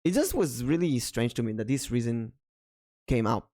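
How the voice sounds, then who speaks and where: A man from Israel with an Israeli accent, hosting a casual podcast chat in a thoughtful, hesitant way with many pauses. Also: mid-range voice, lively intonation, warm tone. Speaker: vtuber podcast host.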